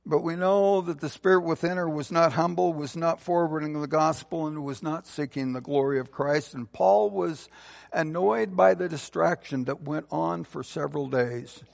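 A man preaches a sermon in a high, gravelly voice, building to emphatic, forceful peaks before easing into soft, low phrase endings. His words carry a long reverb from a large church hall. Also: moderate pace. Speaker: pastor.

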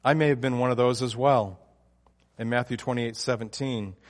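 A man with a medium-pitched voice preaches a sermon at a moderate pace in a steady tone, the sound echoing as if in a big room. He's emphatic, often restarting his phrases and using fillers.

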